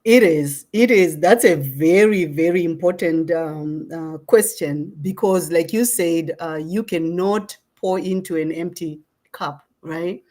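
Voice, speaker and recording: A middle-aged woman from Zimbabwe, a social justice advocate, answering interview questions in an earnest, measured way and often checking in with "right?". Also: on the low side, dark tone.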